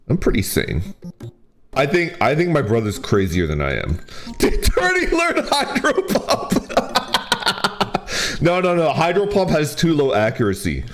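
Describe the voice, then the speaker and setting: Lively laughing male streamer. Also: fairly high pitch. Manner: animated, laughs often while talking; full of fillers like "like" and "right?". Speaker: VTuber streamer. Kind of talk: casual chat, telling a childhood story.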